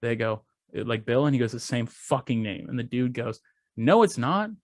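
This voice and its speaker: A man's voice: medium pitch, level tone, fairly quick, a little mellow, slight background noise. A young man, a podcast co-host, telling a story in casual chat, swearing and acting out what people said.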